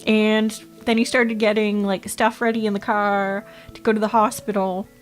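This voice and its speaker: Casting note: young adult woman from Canada, streamer voice, blunt and quick to laugh, faint music behind. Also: mid-range voice, flat delivery. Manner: blunt, swears freely, laughs often. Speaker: VTuber streamer. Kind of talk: casual stream chat and storytelling.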